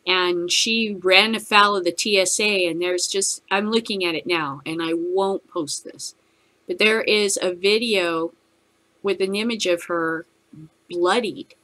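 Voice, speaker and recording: A woman's voice: fairly low pitch, sharp tone. Fiery, foul-mouthed woman ranting. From United States. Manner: angry, heavy cursing, fast bursts. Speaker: host of a cannabis news show. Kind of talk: profane ranting commentary.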